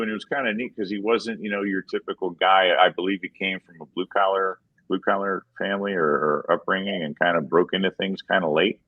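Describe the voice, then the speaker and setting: Very deep-voiced man chatting on a podcast. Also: no room sound, highs cut off. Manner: enthusiastic, repeats words while thinking. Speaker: podcast co-host. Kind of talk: casual chat.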